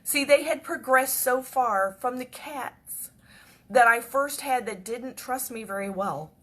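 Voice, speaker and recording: Higher-voiced woman telling a personal story. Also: unhurried. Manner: chatty and repetitive, often drops to a hush. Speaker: devotional speaker.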